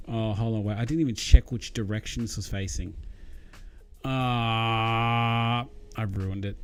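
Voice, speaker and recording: A man's voice: mid-range voice, steady tone, unhurried, smooth. A young Australian man chatting casually to viewers during a live build, rambling with lots of fillers. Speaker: streamer. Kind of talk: casual live-stream chat while building.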